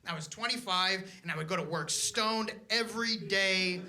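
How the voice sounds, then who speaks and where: A man's voice: sits high, moderate pace. A young man from Canada doing a stand-up comedy set, telling stories with acted-out voices. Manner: animated storytelling with acted-out voices. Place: comedy club stage. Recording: live club recording with crowd. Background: audience laughter.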